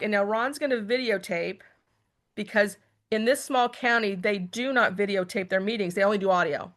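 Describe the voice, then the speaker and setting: A woman's voice: fairly high pitch, fairly bright tone. A middle-aged woman guest telling a story in casual talk, acting out her own thoughts as quotes. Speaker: guest, activist.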